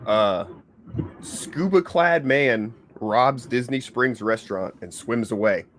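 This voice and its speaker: A man's voice: medium pitch, slow, slight background noise. A man hosting a casual livestream podcast, laid-back and swearing freely as he rambles through stories. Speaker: podcast host.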